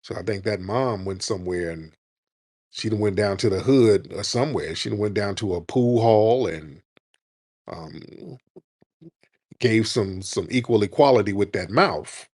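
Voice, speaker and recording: A man's voice: fairly low pitch, unhurried, darkish tone, dry recording, studio quality. A man hosting a call-in livestream, laughing and taunting callers in casual chat.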